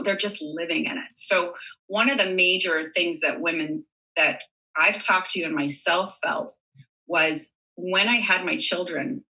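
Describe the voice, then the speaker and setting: A woman's voice: on the low side, gravelly, pushed and bright, far from the mic, low-quality recording. A woman in her thirties speaking frankly and openly as a podcast guest, swearing casually. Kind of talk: candid podcast conversation.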